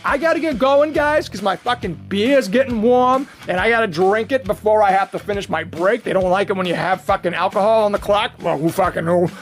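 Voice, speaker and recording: A man cutting a trash-talk wrestling promo, profane and mocking, breaking into shouts. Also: sits high, a little fast, few pauses, faint music behind.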